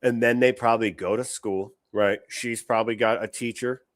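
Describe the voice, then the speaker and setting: A man's voice: mid-range voice, steady tone, moderate pace, no room sound, studio quality. A man hosting a show, giving blunt, opinionated reaction commentary on clips, swearing often and restarting his sentences.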